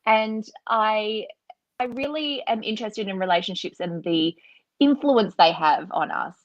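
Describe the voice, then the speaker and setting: A woman's voice: medium pitch, a little slow, no echo. An Australian woman author answering interview questions in a chatty, reflective way, over slightly dull video call audio. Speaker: author, guest.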